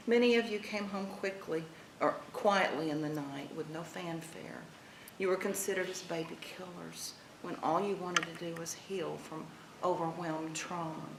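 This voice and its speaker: A woman doctor giving an earnest, measured prepared speech at a ceremony in a senior center hall. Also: on the low side. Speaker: guest speaker, doctor. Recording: echoey hall with clear noise.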